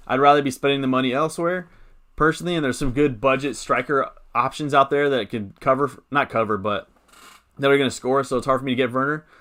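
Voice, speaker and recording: A man's voice: mid-range voice, a bit bright. A young man hosting a live stream, chatting casually, wandering between thoughts and reading out viewer comments. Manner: rambling, chats with viewers, reads out comments.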